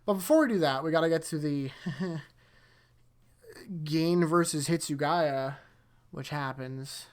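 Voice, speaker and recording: A man's voice: fairly high pitch, a little slow, pauses often, smooth. A man hosting his own anime rewatch, recapping episodes in a loose, rambling way that trips over itself and keeps correcting itself. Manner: rambling, self-correcting, chuckles often.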